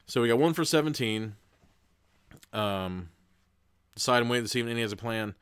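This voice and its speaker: A man's voice: mid-range voice, lively intonation, moderate pace, smooth. A man hosting a livestream, reading a gamebook aloud casually, rambling and laughing between passages. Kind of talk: livestream gamebook narration with chat votes.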